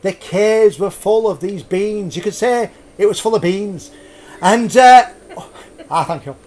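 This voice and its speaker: A man with a high voice hosts a live show and tells a grim old story. He keeps cracking puns, laughs at his own jokes and wanders off on side remarks. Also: measured pace, darkish tone. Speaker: host.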